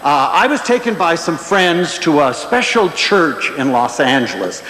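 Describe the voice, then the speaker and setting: A man giving a humorous public lecture, telling stories in an animated, playful way. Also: on the high side, a little slow. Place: large lecture hall before an audience. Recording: echoey lecture hall.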